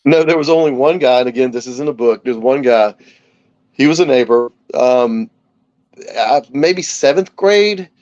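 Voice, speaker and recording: A man in his forties, a talk show guest, telling stories in a casual, lively way and acting out the voices of the people in them. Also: medium pitch, moderate pace, dry recording, highs cut off. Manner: animated anecdote teller, acts out quoted voices. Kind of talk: casual storytelling.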